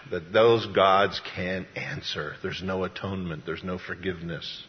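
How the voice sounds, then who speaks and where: A man preaching a sermon as pastor, talking in a folksy, conversational way. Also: on the low side. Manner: conversational, folksy storytelling with acted-out voices. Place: church. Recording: dull, echoey church hall sound.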